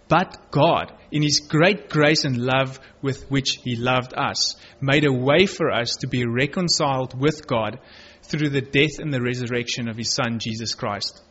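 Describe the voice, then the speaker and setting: A man's voice: mid-range voice, normal speed, fairly bright tone, slightly rough. A man preaching a sermon, reading Bible verses aloud and earnestly stressing key words. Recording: dull lo-fi recording.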